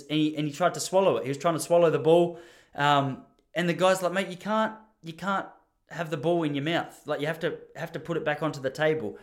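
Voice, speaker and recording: Animated Australian man telling a story. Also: fairly high pitch. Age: 30s. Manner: rambling, animated, laughs while telling stories. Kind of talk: casual anecdote telling.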